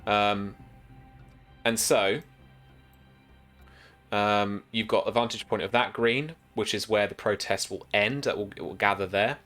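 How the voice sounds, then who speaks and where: A man's voice: lowish voice, fairly even intonation, measured pace, long pauses, a bit bright, faint music behind. A British man narrating as game master, rambling with many restarts and fillers.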